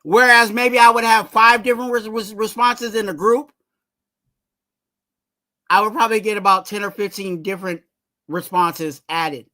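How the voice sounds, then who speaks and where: A man's voice: sits high, steady tone, normal speed, pauses often, bright, forceful tone. A man hosting a fan channel, giving casual sports commentary in a rambling way and urging viewers to subscribe.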